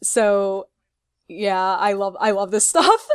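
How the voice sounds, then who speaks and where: Woman co-host, casual chat, slow playful delivery, laughs easily. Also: mid-range voice, clear, resonant tone, dry recording, studio quality. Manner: laughs a lot, playful teasing. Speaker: podcast co-host.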